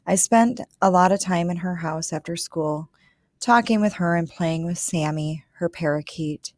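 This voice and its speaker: A woman reading a children's storybook aloud in a calm, measured way, telling it as a child narrator. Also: lowish voice, dry recording, studio quality. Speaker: reader.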